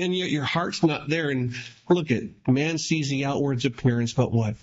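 A man preaching with fervor, his somewhat high voice climbing for emphasis and then dropping low again. He moves between reading verses and paraphrasing them in a lively, plain-spoken way. The recording sounds muffled and lo-fi. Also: normal speed. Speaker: pastor. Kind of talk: sermon.

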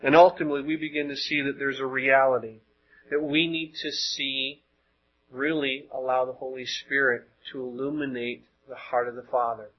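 A man's voice: mid-range voice, flat delivery, moderate pace, lo-fi sound. A man preaching a sermon in a conversational way, asking the listeners questions and often repeating words as he goes. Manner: conversational, rhetorical questions, frequent word repeats.

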